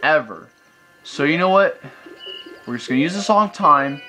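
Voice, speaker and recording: Exasperated young male gamer, lively pitch. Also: normal speed. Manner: exasperated ranting, frequent exclamations. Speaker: let's play gamer. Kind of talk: gameplay commentary. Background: video game music.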